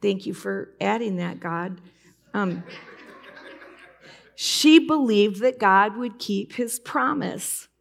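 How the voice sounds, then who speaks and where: A woman's voice: medium pitch, lively intonation, slow, creaky, pauses often. A woman preaching a conversational, heartfelt sermon in church, telling a personal story with strong emotion. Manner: conversational, emotional, breaks into tears while retelling.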